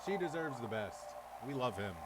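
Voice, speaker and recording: A man reacting to a video in casual commentary, swearing often and yelling back at the screen. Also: mid-range voice, expressive, moderate pace, very noisy.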